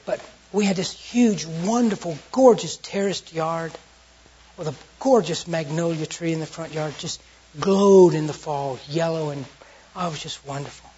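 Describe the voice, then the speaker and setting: A preacher with a Southern US accent, giving an earnest storytelling sermon that turns from hushed to loud. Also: mid-range voice, normal speed, slight background noise. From Southern United States. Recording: dull lo-fi recording.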